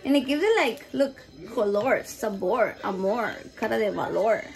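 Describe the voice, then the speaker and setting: A woman's voice: medium pitch, lively intonation, moderate pace, creaky, music in the background. A woman hosting a casual cooking video in her home kitchen, swearing freely and mixing Spanish and English in a jokey, candid way. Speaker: cooking vlogger.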